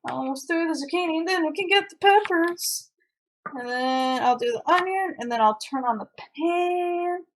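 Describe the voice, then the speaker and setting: A woman's voice: very high voice, animated, moderate pace, slight background noise. A young woman streaming herself as she cooks, chatting casually with her chat and rambling with frequent restarts. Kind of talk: casual chat while cooking and reading chat. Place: home kitchen.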